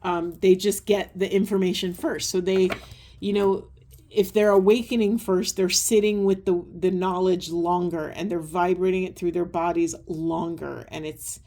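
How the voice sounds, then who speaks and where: Mellow-voiced woman giving a spiritual card reading. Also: lowish voice, steady tone, moderate pace. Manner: soft, earnest, meandering with many ums. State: tearful at times. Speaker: tarot and oracle reader.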